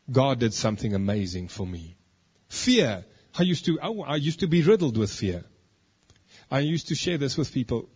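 A man, preaching a sermon and telling his own testimony, moving between hushed asides and emphatic declarations. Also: medium pitch, very animated, normal speed, breathy edge, lo-fi sound. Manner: storytelling, swings from hushed to emphatic.

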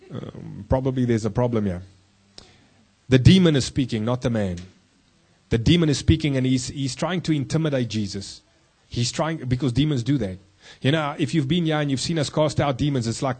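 Here a man serving as pastor gives a sermon with a husky, slightly mellow voice. He tosses rhetorical questions at the congregation and slows down, going low, on the central points.

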